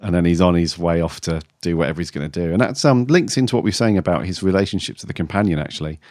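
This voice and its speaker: A man's voice: sits low, racing, darkish tone, no room sound, studio quality. A man co-hosting a podcast in casual chat, rambling with fillers and frequent laughs. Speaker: podcast co-host.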